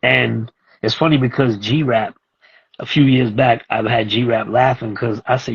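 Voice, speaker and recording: Husky New man telling stories. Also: medium pitch, measured pace, dull audio. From East New York, Brooklyn. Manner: animated, acts out voices in his stories. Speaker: guest. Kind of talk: casual storytelling.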